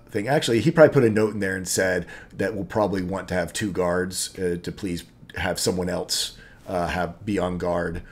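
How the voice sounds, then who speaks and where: Deep-voiced man running a tabletop game. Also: a little hiss or hum. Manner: rambling, many fillers and restarts. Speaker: game master.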